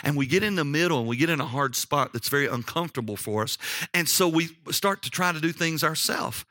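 A middle-aged man preaching a sermon, telling personal stories in a folksy, animated way and often checking in with "okay?". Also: a little high, fairly quick, no room sound, studio quality.

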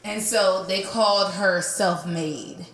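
A woman co-hosting a casual chat, talking in a relaxed way with lots of fillers. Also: mid-range voice, slow, a loud crowd. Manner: relaxed, filler-heavy, conversational. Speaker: podcast co-host. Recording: echoey room with faint music.

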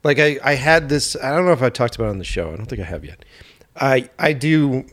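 A man's voice: mid-range voice, fast. A man hosting a podcast, telling stories in casual chat, swearing freely and playing up mock outrage. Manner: animated storyteller, swears freely, mock-indignant. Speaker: podcast host.

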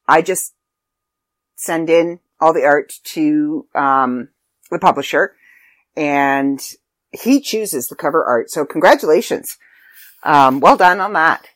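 A woman's voice: deep voice, a bit bright, dry recording. A woman hosting a podcast about her magazine, chatty and a bit scattered, with frequent ums and asides. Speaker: podcast host and magazine contributor. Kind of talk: casual podcast chat.

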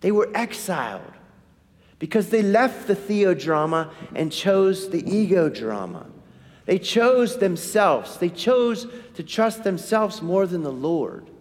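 The preacher's high-pitched voice moves slowly through his sermon, carried by the hall's reverb. Animated throughout, he keeps quizzing the congregation and answering for them.

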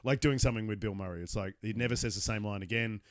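A man's voice: on the low side, quick pace, no echo, clean studio sound. A man co-hosting a casual film chat podcast, laughing and swearing easily. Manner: laughs often, swears casually, acts out quotes. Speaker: podcast co-host.

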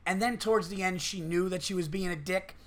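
Podcast host, male, a bit high, bright and forceful tone, swears freely, acts out quotes. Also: brisk. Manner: profane, rambling storytelling with acted-out quotes. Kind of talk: casual podcast chat.

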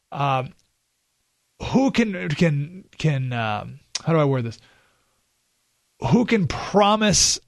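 A man's voice: fairly high pitch, creaky, dry recording, clean studio sound. A man hosting a political talk radio show, speaking emphatically and sarcastically. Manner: emphatic, sarcastic, with short laughs.

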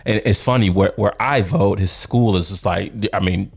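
A man in his thirties, a podcast co-host, telling a long story in a rambling, animated way with lots of fillers. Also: sits low, moderate pace, creaky, breathy edge. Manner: rambling, animated, laughs often, many fillers. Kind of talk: casual storytelling chat.

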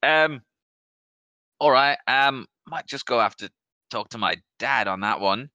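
A man voicing a hesitant young male shop lad in a tabletop game, full of ums and pauses. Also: medium pitch, animated, pushed and bright, dry recording, lo-fi sound, voice pushed up.

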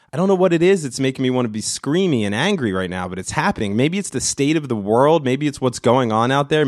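A middle-aged man hosting a solo podcast, ranting with lots of swearing and breaking into loud screams. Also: mid-range voice, dry recording, studio quality. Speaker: podcast host. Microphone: studio mic.

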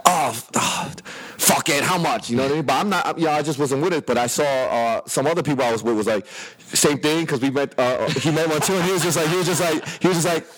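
A man in casual chat, telling a rambling story with lots of swearing, acting out what people said in a louder voice. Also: fairly high pitch, fast talker, few pauses, rough recording. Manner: rambling storyteller, acts out quotes loudly; frequent swearing and restarts.

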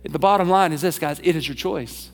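A male pastor preaching a sermon in an animated, conversational storytelling way. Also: a little high, a little fast, gravelly, soft background music.

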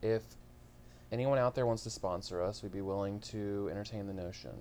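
A man's voice: on the low side, fairly quick, darkish tone, slight background noise. Dry, sardonic man co-hosting a podcast. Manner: dry, sardonic, swears casually. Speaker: podcast co-host, film reviewer. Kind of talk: casual chat.

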